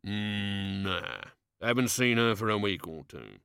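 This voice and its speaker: A man voicing a gruff, slow-talking working-class barman who grumbles and drops his grammar. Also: fairly low pitch, expressive, a bit bright, dry recording, clean studio sound, full character voice. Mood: grumbling.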